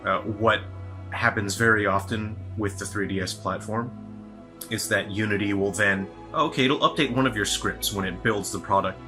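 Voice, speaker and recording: A man's voice: on the low side, normal speed, music in the background. A man giving a rambling, casual video update as a solo game developer, sounding tired, with many fillers and restarts.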